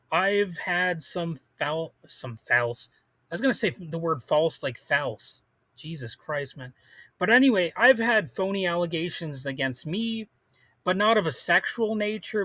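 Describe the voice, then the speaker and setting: A man's voice: high-pitched, pushed and bright, dry recording. A man hosting a solo podcast, rambling casually with lots of fillers and restarts, blunt and prone to swearing. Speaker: podcast host.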